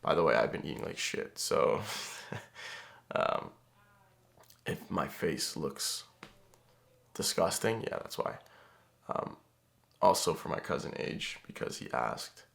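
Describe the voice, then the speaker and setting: A man's voice: a bass voice, slow pace, vocal fry, long pauses. A young man talking casually to the camera in a rambling vlog, with lots of fillers. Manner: relaxed, rambling, frequent fillers.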